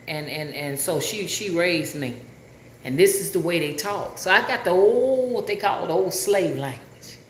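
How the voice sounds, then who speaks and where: A woman's voice: fairly low pitch, lively intonation, a little slow, roomy sound. A woman with a Southern Alabama drawl, talking casually and rambling to a livestream audience, often asking if they understand. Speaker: spiritual rootworker livestreamer.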